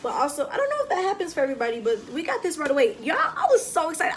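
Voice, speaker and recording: A woman's voice: high-pitched, wildly swooping pitch, rapid-fire, slight background noise. Chatty young woman vlogging with slang. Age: young adult. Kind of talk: casual storytelling vlog. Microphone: phone propped on a table.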